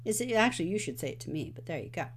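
A woman podcast host recapping a movie in casual chat, acting out its lines with lively energy. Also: on the low side, very fast, slight background noise.

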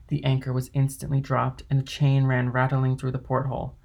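A man narrating a classic novel as an audiobook, with a gravelly, husky voice. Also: medium pitch, monotone, brisk, hardly any pauses.

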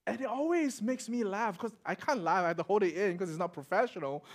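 A middle-aged Singaporean man preaching a sermon, telling stories and acting out the voices, swinging from loud to quiet. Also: high-pitched, fast talker. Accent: Singaporean English. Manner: animated, acts out voices in anecdotes, swings loud to soft. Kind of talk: sermon with storytelling.

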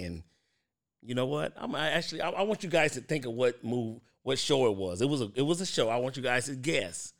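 A man in his thirties hosting a podcast alone, chatting casually and talking straight to his listeners. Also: mid-range voice. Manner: chatty, addresses listeners as "y'all", frequent restarts and fillers. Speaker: podcast host.

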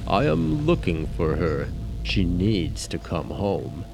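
A man's voice: deep voice, sing-song, vocal fry, noisy background, heavily acted. A man doing a chilling old Scotsman. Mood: sinister. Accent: Scottish. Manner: slow, chilling, clipped. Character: sinister old Scottish man, cold, cryptic.

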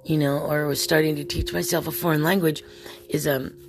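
A woman's voice: low-pitched, little pitch movement, fairly quick, music in the background. A woman hosting a podcast alone, talking in a rambling, chatty way and laughing often. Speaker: podcast host. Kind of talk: casual solo podcast monologue.

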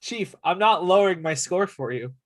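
A man ribs his co-host as they chat casually about music. His manner is playful and teasing. His voice sits a little higher than most men's. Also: animated, normal speed. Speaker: podcast co-host.

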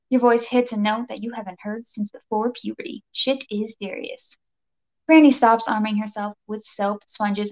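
A woman narrating a comic second-person adventure story with playful, dramatic delivery and jokey asides. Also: medium pitch.

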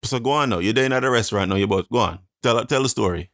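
A Jamaican man with a Jamaican accent, chatting casually and telling animated stories, slipping into patois. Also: mid-range voice, fast, dry recording, studio quality. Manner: animated storytelling, slips into patois. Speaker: co-host. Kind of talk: casual chat.

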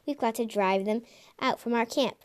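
Squeaky little boy kitten read by a woman, storybook. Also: moderate pace, natural voice. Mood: excited. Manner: squealing, high-pitched. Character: excited small male kitten.

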